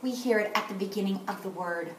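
A woman teaching kindergarten, slow and sing-song and encouraging as she spells out letters and sounds for young children. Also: mid-range voice, slight background noise. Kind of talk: recorded morning lesson for young children. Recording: roomy echo, voice a bit far from mic.

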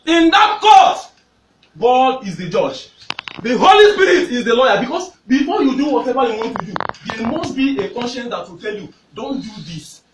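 A man with a Nigerian accent preaching a fervent sermon, shouting at the peaks and repeating his phrases. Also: extremely high pitch, sing-song, normal speed, a little hiss or hum. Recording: echoey, distant hall recording.

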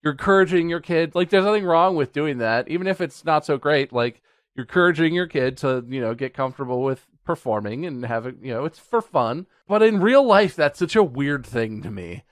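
A playful man jokes and banters on a podcast. His voice is higher than most men's and swings widely. The sound is dry, with no room echo. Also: lively intonation, brisk. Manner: playful, joking. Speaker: podcast co-host. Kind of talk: casual banter.

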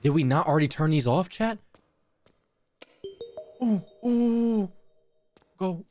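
Faint music plays behind a young streamer whose slightly high voice is expressive and quick as he takes on a horror game. He swears, makes crude jokes for his chat, and murmurs nervously to himself.

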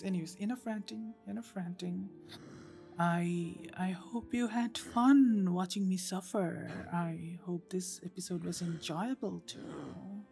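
A woman hosting her gaming channel, giving casual gameplay commentary. She swears freely and rants, jumping between loud outbursts and mumbled asides. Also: on the low side.

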